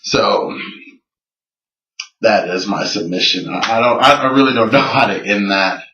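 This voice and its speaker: A man recounts conversations in an earnest, incredulous storytelling voice with a lowish pitch. He sounds set back from the mic in a roomy space, and the recording is dull and lo-fi. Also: a little slow, bright, forceful tone, far from the mic, slight background noise. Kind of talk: personal video submission, recounting conversations.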